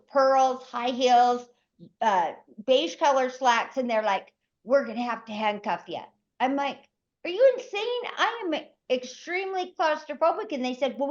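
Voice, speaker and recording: A middle-aged woman co-hosting a podcast, telling a story in a lively, animated way and acting out the quotes. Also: on the high side. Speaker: co-host. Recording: dull lo-fi podcast audio.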